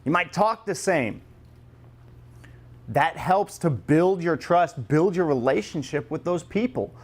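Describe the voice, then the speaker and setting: A man runs a customer-service training class, his voice sitting a little higher than most men's. He speaks lively and jokes with the group, slipping into quoted customer voices to make his point. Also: takes it slowly. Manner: lively, joking, acts out customer lines.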